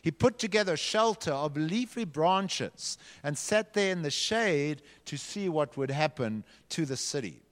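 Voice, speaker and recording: A man with a fairly high voice leads an interactive Bible story, dramatic and full of direction for his young group. His pitch leaps around expressively. The sound rings with the long reverb of a large hall. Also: expressive, measured pace, few pauses. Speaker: children's church leader.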